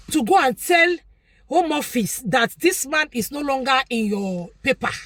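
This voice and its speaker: Emphatic Nigerian woman, high lively voice. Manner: preachy, emphatic, repeats points for stress. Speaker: vlogger commentator. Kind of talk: opinionated commentary monologue.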